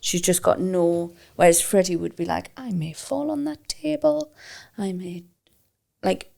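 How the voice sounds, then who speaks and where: A woman's voice: fairly low pitch, a little slow, vocal fry, mellow. A tired woman, co-hosting a casual podcast chat, playful and laughing often, stumbling when she reads aloud. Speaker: podcast co-host.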